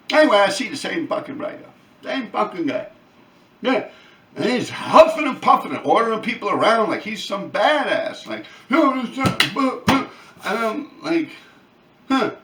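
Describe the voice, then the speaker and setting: Animated New man telling street stories. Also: a little high, recorded from a distance. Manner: profane, animated street storytelling with laughs. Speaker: channel host. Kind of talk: casual storytelling. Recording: echoey room, off-mic.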